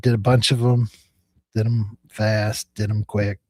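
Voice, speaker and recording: A man's voice: on the low side, little pitch movement, measured pace, a little mellow, no room sound. Male host, chatty storyteller, laughs a lot, dry close mic. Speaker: livestream host, attorney. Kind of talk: casual livestream chat.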